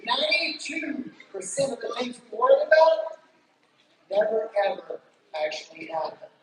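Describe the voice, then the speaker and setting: A woman's voice: on the high side, big pitch swings, moderate pace, fairly bright tone. A woman giving a playful, joking children's church talk with gospel magic tricks, chatting with the congregation. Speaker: guest speaker doing gospel magic tricks. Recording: echoey hall from far off, background noise.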